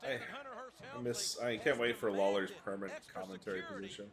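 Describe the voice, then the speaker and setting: A man's voice: on the low side, fairly quick, crowd noise. A man co-hosting a podcast in casual chat, joking and swearing freely. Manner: profane, joking. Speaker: podcast co-host.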